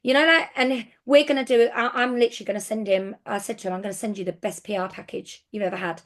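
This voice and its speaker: A woman giving casual business coaching as a sales team leader, chatty and excitable with frequent restarts. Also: mid-range voice, quick pace.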